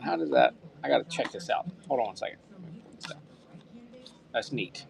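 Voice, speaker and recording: A man's voice: on the low side, big pitch swings, normal speed, creaky, crowd noise. A man hosting a live-stream auction, upbeat and thanking buyers by name, sometimes muttering to himself as he handles items.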